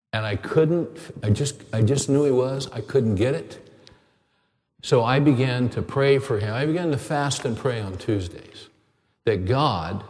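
A middle-aged man preaching a sermon as a pastor, telling stories earnestly and dropping to a hushed tone at times. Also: on the low side, long reverb tail. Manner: earnest storytelling, drops to a hushed tone.

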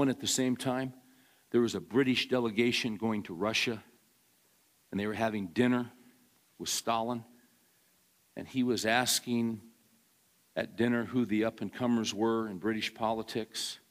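A pastor preaching a sermon, starting quiet and building to loud, emphatic delivery with many repeated words. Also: male voice, lowish voice, steady tone, a little slow, long pauses.

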